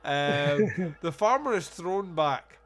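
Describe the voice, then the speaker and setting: A man with a slightly raised voice, hosting a casual film-review chat. He swears freely and jokes as he goes. He acts out the film's lines in quick put-on voices. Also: a little high, expressive. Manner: sweary, jokey, quotes scenes in put-on voices. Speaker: podcast host.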